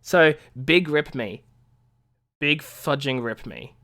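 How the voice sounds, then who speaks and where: A woman's voice: extremely low pitch, expressive, slow pace, fairly bright tone. Stammering self-mocking woman streamer. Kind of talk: casual game-stream chatter.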